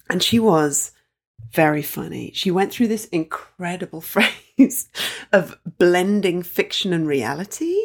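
A woman's voice: mid-range voice, lively intonation, normal speed, a little mellow. A woman telling a personal family story in a candid, wry, conversational way.

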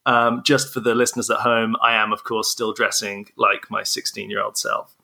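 A man's voice: on the low side, level tone, normal speed, creaky, bright, forceful tone. A man with an English accent, a quiz podcast guest with a dry, self-deprecating manner. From England. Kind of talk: casual banter.

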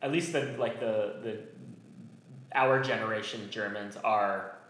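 A man's voice: on the low side, a little slow, fairly bright tone, echoey room, rough recording. A man who runs comedy shows, talking through his points in a thoughtful, hesitant way as a guest in a casual chat. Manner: thoughtful, hesitant, laughs often. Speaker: comedy show organizer, guest.

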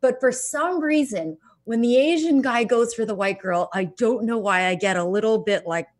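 A woman's voice: fairly high pitch, moderate pace. A woman in casual chat, candid and profane, laughing often as she talks.

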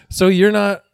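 A man's voice: high-pitched, vocal fry, dry recording, clean studio sound. A man cracking crude jokes in casual banter, laughing often. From Canada.

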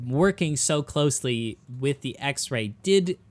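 Slow rambling podcast man, dry close mic. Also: mid-range voice, expressive, no echo. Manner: rambling, filler-heavy storytelling, says "exactly" and "correct" a lot. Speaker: podcast host. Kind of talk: comedic history podcast chat.

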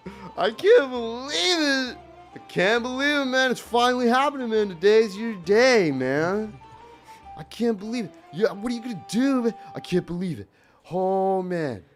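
A man voicing an excitable young male groomsman who gushes over his friend and keeps saying "man". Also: high-pitched, moderate pace, faint music behind, voice pushed up. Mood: gushing. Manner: gushing, repeats "man" constantly.

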